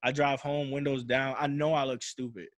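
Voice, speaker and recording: A man's voice: medium pitch, flat delivery, moderate pace, no room sound. A young man telling a personal story in casual, slangy talk, often repeating himself and restarting as he recounts it. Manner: slangy, repeats "I'm like" and restarts while retelling. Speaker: podcast host.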